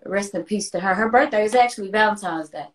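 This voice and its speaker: A young Southern woman talks in an interview, her voice catching as she fights back emotion. She stops and restarts her sentences, then laughs softly through the hard parts. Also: medium pitch, crowd noise. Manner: halting, emotional, laughs often. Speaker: guest singer.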